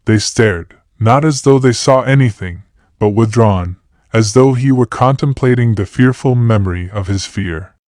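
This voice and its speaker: A man narrating a classic novel as a calm, measured sleep audiobook. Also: fairly low pitch, no room sound, studio quality. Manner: steady, measured reading.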